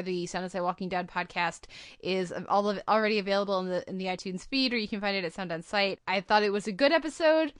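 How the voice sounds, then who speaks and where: A woman's voice: medium pitch, dry recording, clean studio sound. A woman hosting a podcast, chatting casually about TV episodes, rambling with fillers and restarts. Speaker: podcast host.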